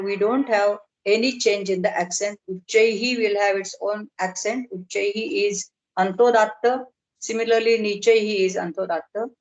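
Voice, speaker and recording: Woman giving a measured online lecture. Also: medium pitch, highs cut off. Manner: measured, explanatory, slow on terms. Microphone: video call.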